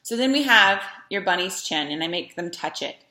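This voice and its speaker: A woman teaching young string players, her voice sitting low but sounding bright and forceful. She chants rhythmic beginner drills with patience. The room around her rings with echo. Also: animated, normal speed. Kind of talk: demonstrating posture games for young learners.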